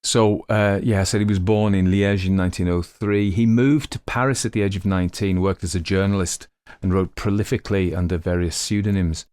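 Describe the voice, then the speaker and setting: A man hosting a story podcast, narrating and then chatting in an easygoing, rambling way full of asides and self-corrections. His voice is low and deep. The sound is dry and close to the mic. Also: steady tone, a little fast, few pauses, a little mellow, clean tone, no echo. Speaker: audiobook reader and podcast host. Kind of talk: story narration and casual commentary.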